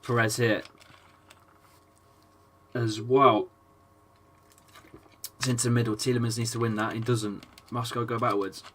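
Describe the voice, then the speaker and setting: An English man with a chesty, slightly rough voice gives a live football watchalong between coughs, reading chat and calling the play. His tone is bright and forward. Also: medium pitch, flat delivery, measured pace, long pauses, slight background noise. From England. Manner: chatty, swears, reads chat aloud between play calls. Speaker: football fan streamer. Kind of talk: casual live watchalong commentary.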